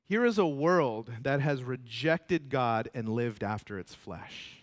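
A man preaching a sermon as pastor, animated and often repeating words. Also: medium pitch, slow pace, few pauses.

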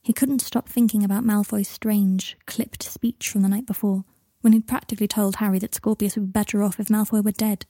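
A woman narrating a story aloud in a calm, even storytelling manner. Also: mid-range voice, fairly quick, hardly any pauses, no echo. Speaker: reader. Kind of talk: audiobook narration of fiction.

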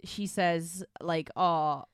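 A woman's voice: on the low side, fairly even intonation, extremely slow, clear, resonant tone, no echo, clean studio sound. A woman, co-hosting a casual podcast chat and recapping scenes with a giggle. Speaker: podcast co-host.

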